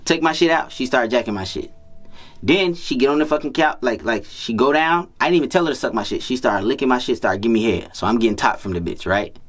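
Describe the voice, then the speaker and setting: A man telling a story to his viewers in loose street slang, swearing freely and circling back over the same phrases. He talks as a dating coach in a casual monologue. His voice sits at an ordinary middle pitch for a man. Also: animated, fast. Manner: slangy, profane, repetitive street talk.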